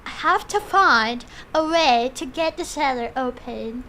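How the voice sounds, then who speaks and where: A woman's voice: high-pitched, lively intonation, measured pace, bright, forceful tone, slight background noise, voice pushed down, full character voice. A woman putting on a wary keeper with a shaky British accent. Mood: uneasy. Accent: put-on British. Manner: reads the game's lines aloud in a put-on voice. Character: uneasy new keeper, woman, wary of her job.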